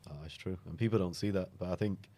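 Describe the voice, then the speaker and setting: A man's voice: deep voice, steady tone, quick pace, dark tone. A man hosting a casual video interview podcast, chatty and upbeat, with many fillers and repeated words. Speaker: podcast host.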